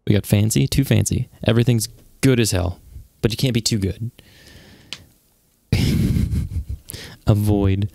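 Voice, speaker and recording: Gravelly, playful gaming host. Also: male voice, on the low side, steady tone, measured pace, pauses often, mellow, dry recording. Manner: playful, jokey, reads characters aloud. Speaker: let's play host. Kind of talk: casual gameplay commentary reading dialogue.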